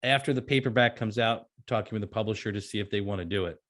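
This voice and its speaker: A man's voice: on the low side, fast talker, a bit bright. A man who is an author and beekeeper, a guest in a casual interview, easygoing, telling anecdotes and laughing often.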